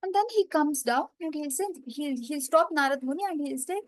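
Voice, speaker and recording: A woman retells a scripture story for learners in simple, explanatory steps. Her voice sits high and sounds close and dry. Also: no echo, poor audio. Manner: simple, explanatory, many "okay"s and pauses. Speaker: storyteller teacher.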